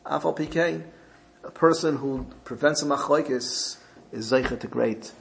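A man's voice: mid-range voice, measured pace, creaky, slight background noise. A man teaching a Torah class, earnest and repeating phrases for emphasis, mixing in Hebrew and Yiddish terms. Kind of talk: Talmud class.

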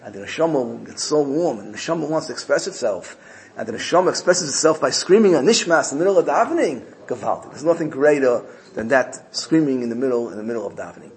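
A man voicing a stern but kind elderly rebbe in a told story, speaking firmly and softly. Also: medium pitch, lively intonation, fast, natural voice. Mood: warm.

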